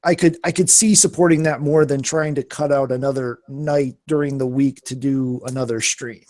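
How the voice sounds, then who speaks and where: A man's voice: mid-range voice, fairly even intonation, normal speed, darkish tone. A man co-hosting a gaming podcast, speaking hesitantly with frequent restarts in casual chat. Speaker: podcast co-host.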